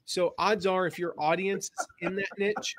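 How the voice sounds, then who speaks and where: Man, fairly high voice, casual webinar host, rambling, filler-heavy. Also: flat delivery, moderate pace, a bit bright.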